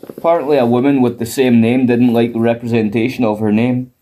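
A man's voice: mid-range voice, fairly even intonation, brisk, mellow. A man co-hosting a casual chat, wry and a little hesitant, joking as he goes. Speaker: podcast co-host. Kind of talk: casual chat about a sitcom.

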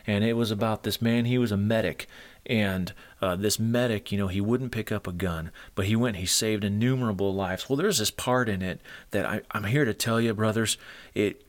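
A man's voice: lowish voice, moderate pace. A middle-aged man preaching a sermon to men, earnest and moved, retelling stories with feeling. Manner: emotional, earnest storytelling.

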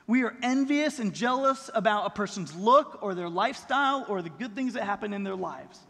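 Expressive and fairly quick, a middle-aged pastor with a high, slightly bright voice preaches in a conversational style built around rhetorical questions. He's in a church sanctuary, and the large hall produces a long reverb.

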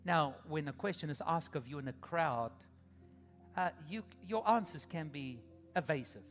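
A middle-aged man preaching a sermon as pastor, swinging from loud emphatic peaks to soft intimate asides. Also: on the high side, lively intonation, normal speed, faint music behind. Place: large church auditorium. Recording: long hall reverb.

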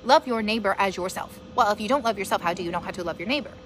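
A woman's voice: medium pitch, lively intonation, rapid-fire, fairly bright tone. A woman hosting a casual live-stream podcast, rambling earnestly and encouraging her listeners as a mother sharing her thoughts.

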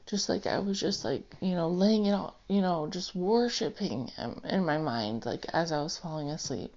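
A woman's voice: on the low side, measured pace, darkish tone. A woman sharing a personal Christian testimony, earnest and rambling with many fillers, seated indoors. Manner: emotional, close to tears. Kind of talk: personal testimony, casual storytelling. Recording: dull, lo-fi home recording.

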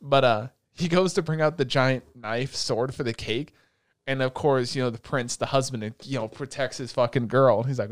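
A man co-hosting a casual podcast, retelling an anime with animated swearing and laughter. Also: medium pitch, normal speed, clear, resonant tone, dry recording, studio quality. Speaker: podcast co-host.

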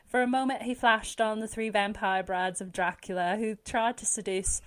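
Put-on British accent from a woman, book reading, halting, self-conscious. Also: mid-range voice, steady tone, dark tone, natural voice. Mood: reading aloud. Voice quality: attempted regional British accent.

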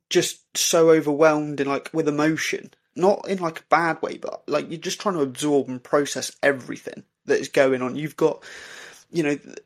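Gravelly man telling a story. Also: medium pitch. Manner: halting, many "um"s and restarts. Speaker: podcast co-host. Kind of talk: casual storytelling. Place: indoor recording for podcast.

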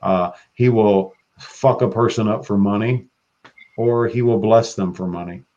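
Excitable, profane man on a podcast. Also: fairly low pitch, unhurried. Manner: excitable and profane, breaks into loud quoting. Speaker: podcast guest. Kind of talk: casual podcast chat. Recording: dull lo-fi sound.

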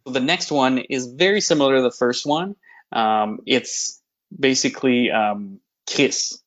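A man, explaining slang in a relaxed, hesitant, casual podcast chat. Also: mid-range voice, measured pace. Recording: slightly muffled lo-fi audio.

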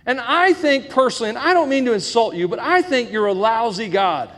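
Middle-aged man, pastor, high voice, playful preaching with questions to the room, echoey church hall. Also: animated, brisk, fairly bright tone. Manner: joking, asks the congregation questions. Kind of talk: sermon. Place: church sanctuary with congregation. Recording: long echo of a church hall.

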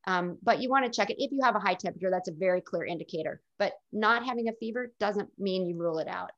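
Middle-aged woman telling her story in an interview, candid, reflective, bit of vocal fry, muffled lo-fi sound. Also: medium pitch, fast talker, fairly bright tone. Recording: dull lo-fi recording.

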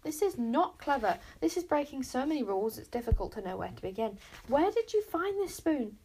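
A rule-loving boy bodyguard frets and lectures in a raised, slightly gravelly voice, as a woman reads him aloud from a storybook. He sounds earnest and indignant, forever citing the rules. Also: high voice, sing-song, a little fast, darkish tone, voice pushed up, exaggerated voice.

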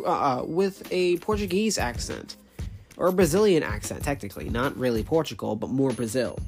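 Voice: mid-range voice, darkish tone. A person casually explaining the characters they created, rambling with many fillers, self-corrections and the odd swear. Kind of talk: casual unscripted talk.

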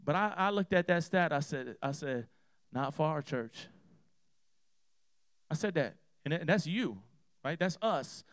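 A man's voice: a little high, lively intonation, unhurried, pauses often, dry recording. Emphatic preaching man, dry sound. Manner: emphatic preaching, swinging from hushed to loud, repeating phrases with "right?". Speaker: pastor. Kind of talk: sermon with a personal story.

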